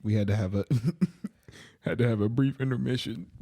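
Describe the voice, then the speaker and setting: A man's voice: mid-range voice, normal speed, vocal fry, mellow. A young man co-hosting a casual podcast, joking around and reading a news article aloud. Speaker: podcast co-host.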